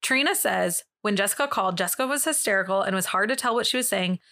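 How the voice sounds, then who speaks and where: Bright-voiced chatty woman telling a case. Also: medium pitch, fast. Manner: chatty, laughs often, swears. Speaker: podcast host. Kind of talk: casual true-crime storytelling.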